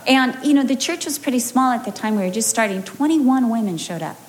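An American woman pastor preaching a sermon, telling a personal story with lively acted-out quotes. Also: a little high, a little fast, slight background noise. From United States.

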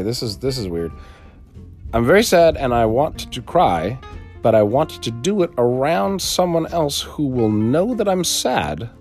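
A young man casually telling a vlog story in a rambling, profane, animated way. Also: mid-range voice. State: sleepy, just woke up. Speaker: vlogger.

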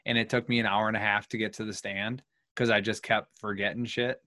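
A man's voice: fairly low pitch, little pitch movement, fairly quick, pushed and bright, no echo, studio quality. A man in casual chat, easygoing and laughing along as he tells his own story.

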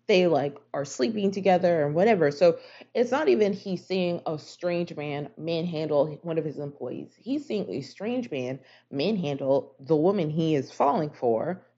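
A low-voiced woman rambles through a casual book review, leaning on "like" as she goes. Her voice is dark and husky. The recording is slightly muffled and lo-fi. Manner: rambling, heavy use of "like" fillers.

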